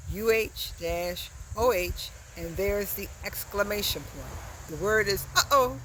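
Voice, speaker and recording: A woman teaching a preschool lesson outdoors, reading in a slow, exaggerated, expressive way for small children. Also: mid-range voice, a little hiss or hum, poor audio. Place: outdoors by a wet board.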